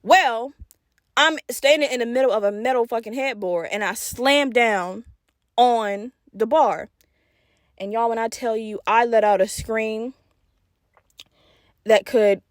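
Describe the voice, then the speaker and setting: A woman in her twenties tells a story on her own podcast, talking directly to "y'all" and cursing constantly. Her voice sits a little high, and the recording is dry and close. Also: measured pace, no room sound. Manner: animated, profane, addresses listeners directly. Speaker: podcast host. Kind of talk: casual storytelling.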